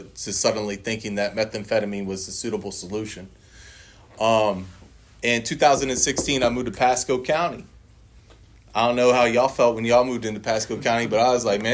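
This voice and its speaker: This recovery testimony, delivered to a meeting audience by a man of medium pitch, comes across as a foul-mouthed comic tale. He keeps laughing and livens up his voice to replay things he once said.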